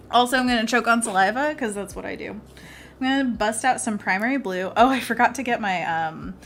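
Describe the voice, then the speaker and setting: A woman's voice: mid-range voice, a bit bright, a little hiss or hum. A woman illustrator hosting a live painting stream, chatty and bubbly, laughing often as she talks through her work. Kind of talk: casual live painting chat.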